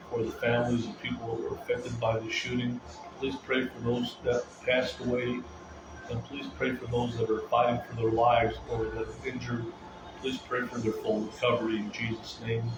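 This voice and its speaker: A man talking casually to viewers in a rambling, repetitive rant, circling back to the same phrases. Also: medium pitch. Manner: agitated, ranting. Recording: echoey, muffled, with loud room ambience.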